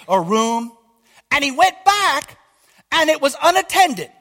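A high, bright-voiced male pastor preaches with fiery emphasis, pressing his congregation with question after question. His forceful voice rings through the long reverb of a church hall. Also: animated, moderate pace. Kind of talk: sermon.

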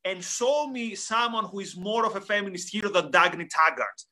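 A man with a high, bright and forceful voice co-hosts a relaxed philosophical talk show. He presses his points with emphasis. He stacks repeated words as he gathers his thoughts. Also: normal speed. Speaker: co-host. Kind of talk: casual philosophical discussion.

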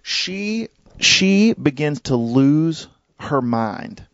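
A man, chatting casually and telling a rambling, animated story with lots of restarts. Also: fairly high pitch, extremely slow, no echo, muffled recording.

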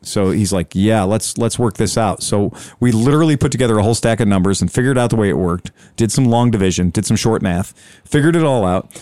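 A man's voice: on the low side, fast talker, darkish tone, dry recording, studio quality. A man telling a long sales story in casual chat, acting out both sides of the conversation. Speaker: scooter dealer telling a story.

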